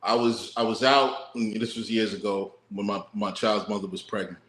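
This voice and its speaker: Low-voiced laid-back man in a roomy space. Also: steady tone, moderate pace, a bit bright, a little hiss or hum. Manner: laid-back, profane, musing. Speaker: podcast co-host. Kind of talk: casual podcast chat.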